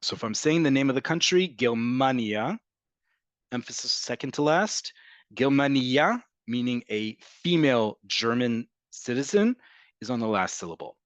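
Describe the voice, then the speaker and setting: A man teaching an online class, patiently explaining and slowly repeating words to model how they sound. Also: medium pitch, big pitch swings, no room sound. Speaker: Hebrew teacher.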